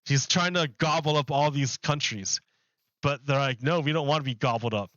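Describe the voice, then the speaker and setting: A man's voice: on the high side, normal speed, fairly bright tone, dry recording. Guy rambling on a game stream from his apartment, dry, kinda dull mic sound. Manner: rambling, chatty, loose with filler. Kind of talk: casual live-stream chat. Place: home apartment.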